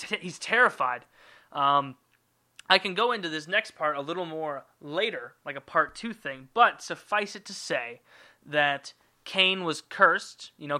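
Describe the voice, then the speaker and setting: Bright-voiced man, irreverent comic storyteller. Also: on the high side. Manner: irreverent, profane, rambling. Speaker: podcast host. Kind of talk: comedic storytelling.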